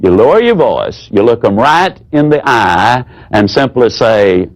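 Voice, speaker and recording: A man teaching a sales training seminar in a folksy, demonstrative way. He drops his voice low whenever he acts out an example. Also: sing-song, unhurried, hardly any pauses, poor audio.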